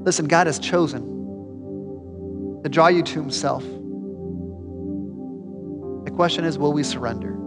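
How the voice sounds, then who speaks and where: A man's voice: a little high, slow, pauses often, in a large hall, over music. A man preaching a sermon as pastor, talking to the congregation in a direct, conversational and emphatic way. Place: church sanctuary.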